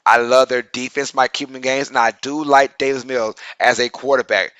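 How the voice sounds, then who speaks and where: A man's voice: medium pitch, fairly even intonation, a little fast, sharp tone, clear, resonant tone, no echo, dull audio. A young man with a Southern accent co-hosting a casual sports live stream, chatty and full of fillers as he reads viewer comments aloud. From Louisiana. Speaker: sports podcast co-host.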